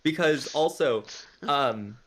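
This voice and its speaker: A man's voice: medium pitch, slow, fairly bright tone. A young man narrating as game master of a tabletop game, talking casually and swearing often.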